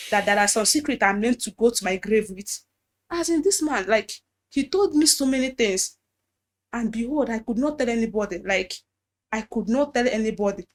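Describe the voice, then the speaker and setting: Woman, Nigerian accent, somewhat high voice, repeats herself, testimony style. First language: Igbo. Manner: halting, repeats and restarts phrases, quotes others' words. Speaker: guest telling her story. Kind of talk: personal testimony.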